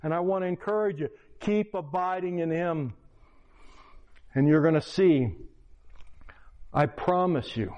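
An older man preaching a sermon as a pastor, earnest and pleading, telling stories to make his point. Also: mid-range voice. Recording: dull lo-fi recording.

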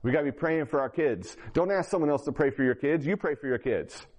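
Here a man speaks a bit high and fast, with lively intonation and a slightly mellow quality. Preaching his testimony to a congregation, he tells his story with sincerity, then directly urges his listeners.

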